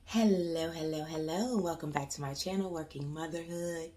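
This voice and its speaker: Sitting low with a dark tone at a normal speed, this voice belongs to a young mother who vlogs about her family and works while raising three kids. Speaking casually to the camera, she frequently uses "you guys" and "y'all."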